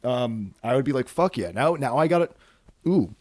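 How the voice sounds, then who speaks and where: A man's voice: mid-range voice, animated, moderate pace, a little mellow, no echo. A man hosting a solo casual podcast, rambling and cursing with self-mocking jokes, tired from too little sleep. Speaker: podcast host.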